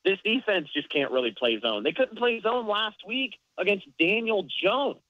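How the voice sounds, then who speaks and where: A man's voice: sits high, expressive, moderate pace, no echo. A man co-hosting a casual sports podcast, explaining plays in an analytical way. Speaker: podcast co-host. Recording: dull lo-fi dry sound.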